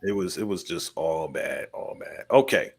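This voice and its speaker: A man hosting a casual TV recap chat, lively and acting out characters' lines as he goes. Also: low-pitched, moderate pace. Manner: animated, acts out characters' lines. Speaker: host.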